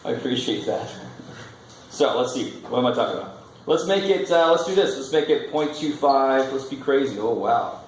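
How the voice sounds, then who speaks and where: A man's voice: medium pitch, animated, normal speed. A man teaching a college math lecture, casual and joking as he thinks aloud at the board. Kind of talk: classroom lecture. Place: classroom. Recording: echoey classroom with faint noise.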